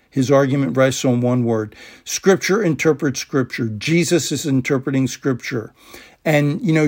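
A man's voice: mid-range voice, darkish tone. A man preaching a sermon, emphatic and enthusiastic, repeating key words for stress.

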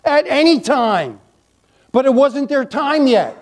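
A man's voice: very high-pitched, sing-song, slow pace. A male pastor preaching a sermon, emphatic, repeating key lines and dropping playful asides to the congregation.

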